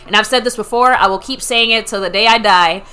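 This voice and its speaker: A woman's voice: mid-range voice, brisk, bright, forceful tone, clean tone. A woman co-hosting a fan watch-party stream, reading out viewer comments, thanking donors and chatting about the game. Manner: chatty, reads chat messages and thanks donors, laughs often. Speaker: co-host reading viewer chat. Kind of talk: live game reaction chat.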